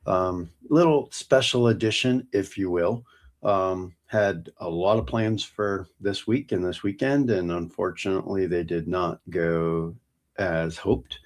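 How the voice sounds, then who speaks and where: A middle-aged man hosting his own show, talking casually and haltingly with many ums and restarts. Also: deep voice. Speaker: podcast host. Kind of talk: casual solo talk.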